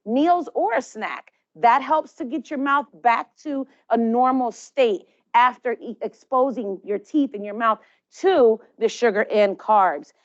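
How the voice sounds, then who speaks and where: A woman's voice: a little high, unhurried, dull audio. A woman giving children friendly, encouraging advice on caring for their teeth. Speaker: dental health presenter. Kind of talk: instructional talk to children.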